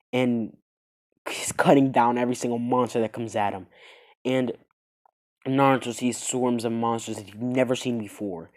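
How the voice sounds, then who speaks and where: A man's voice: mid-range voice, darkish tone. Rambling man telling a fan story. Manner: meandering, halting, with fillers. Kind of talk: improvised fan story narration.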